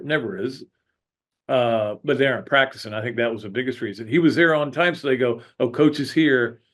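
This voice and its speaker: A man's voice: medium pitch, a bit bright. A man hosting a sports podcast, talking casually in a rambling, chatty way with frequent restarts. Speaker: podcast host. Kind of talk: casual sports talk monologue.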